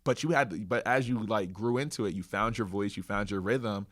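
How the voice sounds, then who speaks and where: A man's voice: on the low side, normal speed, a bit bright. A man hosting a podcast, affirming and reflective as he sums up his guest's story. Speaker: podcast host. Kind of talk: casual interview.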